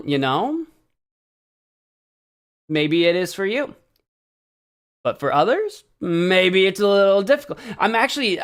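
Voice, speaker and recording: A young man from the American Midwest chatting casually on a live stream, self-deprecating and stumbling over Spanish words as he practices. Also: fairly high pitch. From central Illinois, US.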